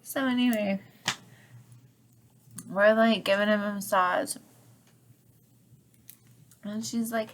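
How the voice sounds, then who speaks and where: A woman's voice: mid-range voice, steady tone, takes it slowly, pauses often. Rambling young woman telling a story. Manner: rambling, lots of "like", swears freely, drops to near-whispers at times. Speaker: channel host telling a story. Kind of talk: casual storytelling vlog.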